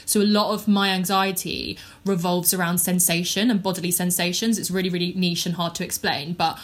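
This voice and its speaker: A woman's voice: fairly low pitch, steady tone, fairly quick. Frank upbeat woman in her twenties. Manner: frank, upbeat, swears casually, many fillers. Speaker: podcast guest. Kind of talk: candid conversational storytelling.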